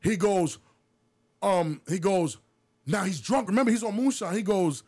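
A man co-hosting a podcast who tells a story in a casual, animated way, with plenty of swearing, and puts on the voices of the people in it. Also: high voice, moderate pace. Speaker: podcast co-host.

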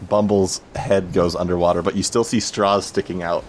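A man with a very low voice narrating a tabletop game as game master. He stops and restarts often and fills gaps with "um" and "uh". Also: level tone, background noise. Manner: halting, with many fillers and restarts.

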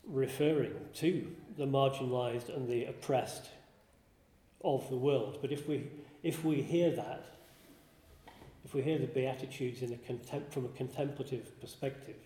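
Slow, reflective man in an echoey hall. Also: mid-range voice, mellow. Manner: slow and reflective, with frequent restarts and pauses. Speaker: speaker giving a spiritual talk. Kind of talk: contemplative spiritual talk. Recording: roomy hall with long reverb.

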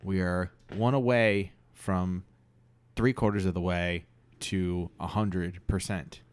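A young man co-hosting a casual improv podcast, rambling and playful, often trailing off quietly. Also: low voice, steady tone, slow, clean tone, dry recording. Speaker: podcast co-host.

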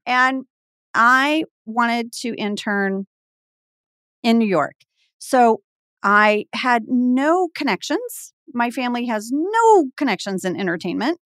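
A woman in her forties from Texas, guesting on a podcast and telling a story in easy conversation. Her voice sits a little higher than most, and she acts out the people she quotes with lively swings. The sound is close and dry, with no room around it. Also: takes it slowly, no room sound. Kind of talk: casual storytelling.

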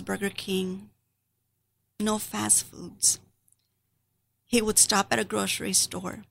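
Slow, creaky-voiced grieving middle-aged woman. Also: mid-range voice, fairly bright tone. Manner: earnest, grieving, reflective. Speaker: speaker giving a family testimony. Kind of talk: personal testimony.

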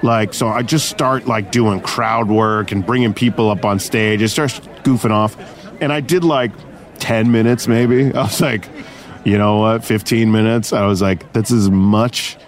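A man in his thirties hosting a comedy podcast, telling a story in a lively, profane, filler-heavy way and laughing often. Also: mid-range voice, moderate pace. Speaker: podcast host.

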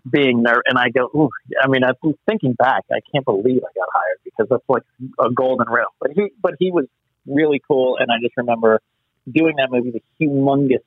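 A man being interviewed as an actor, telling lively anecdotes and acting out the people he quotes. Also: medium pitch, fairly quick, dry recording. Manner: animated storyteller acting out quotes. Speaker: actor guest. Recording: muffled phone-line sound.

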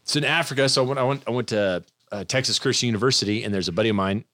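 A man's voice: mid-range voice, rapid-fire, a bit bright, no echo, studio quality. A man, a podcast guest, tells a rambling story in casual chat, often breaking off and restarting. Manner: rambling, self-interrupting storyteller. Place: room with other people and mics. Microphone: studio mic.

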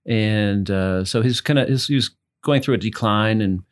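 A man from New England talks in a rambling, easygoing way as a guest at a bourbon tasting. His voice sits a little low, and he pauses often with fillers as he tells his stories. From New England, south of Boston. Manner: relaxed, rambling storyteller with fillers. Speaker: club founder, guest. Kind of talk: casual chat over bourbon tasting.

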